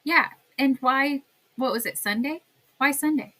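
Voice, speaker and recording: A woman co-hosting a podcast in casual chat, sarcastic and quick to laugh. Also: sits high, pushed and bright. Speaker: podcast co-host.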